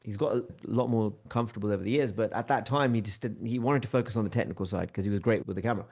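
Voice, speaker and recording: A man, a podcast guest telling a lively anecdote in conversation and acting out the dialogue. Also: lowish voice, very fast, husky. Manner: lively, acts out quoted dialogue with shifting tone.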